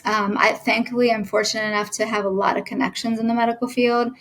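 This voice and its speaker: A woman in her thirties, a nurse and cancer patient, recounts her diagnosis in a halting, earnest way with many fillers and restarts, emotional at times. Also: a little high, flat delivery, fairly bright tone, rough recording. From United States. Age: 30s. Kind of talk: personal story told to camera.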